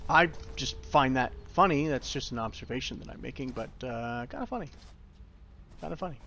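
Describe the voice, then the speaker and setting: A man's voice: mid-range voice, animated, fairly quick, background noise. A young man giving casual, rambling tutorial commentary while playing a factory-building game, with self-deprecating asides. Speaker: gaming YouTuber.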